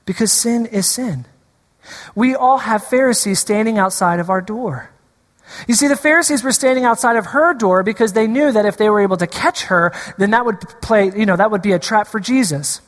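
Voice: medium pitch, moderate pace, big-room sound. A preacher delivering a sermon, repeating key lines for emphasis and drawing the congregation in.

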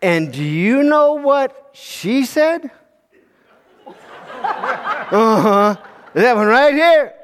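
A high-pitched man narrates a children's story, animated and halting, stumbling over repeated words. His voice rings with a long hall reverb. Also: a crowd in the background.

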